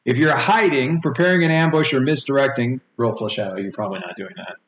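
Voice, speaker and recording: Rambling game master, echoey room. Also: male voice, mid-range voice, fast talker, a bit bright. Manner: rambling rules explanations, many fillers. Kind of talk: narrating a tabletop game. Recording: echoey room with faint noise.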